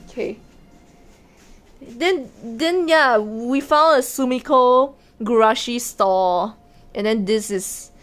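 A woman streaming casually from a hotel room. She is excitable and giggly, and often repeats words and restarts her sentences. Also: on the high side, a little hiss or hum. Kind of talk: casual live stream chat.

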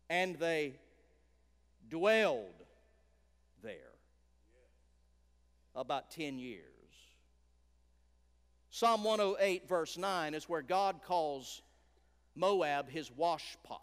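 High-voiced preacher in a reverberant church. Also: male voice, clean tone. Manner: emphatic preaching with dramatic drops to a hush. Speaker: guest preacher. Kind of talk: revival sermon. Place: large church sanctuary.

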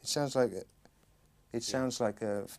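Amused musician musing aloud. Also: male voice, medium pitch, fairly even intonation, measured pace, a little mellow. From England. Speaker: musician and producer. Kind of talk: interview commentary.

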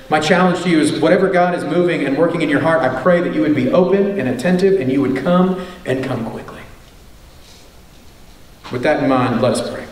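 Pastor preaching in an echoey church. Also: male voice, on the high side, brisk, a little mellow. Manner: earnest preaching with emphatic repetition. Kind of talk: sermon. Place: church sanctuary. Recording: echoey church hall, mic at a distance.

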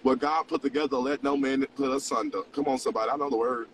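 This twentysomething livestream host speaks fast in a steady, medium-pitched voice, alternating between preachy mock sermons and profane, confessional casual talk, sometimes teasing. He's far from the mic, and the rough recording carries a little hiss or hum.

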